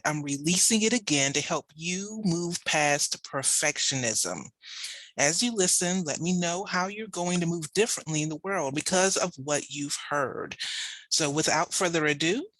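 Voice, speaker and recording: A woman's voice: lowish voice, animated, unhurried, fairly bright tone, dry recording, poor audio. A woman podcast host introducing an episode, speaking directly to her listeners in an upbeat way.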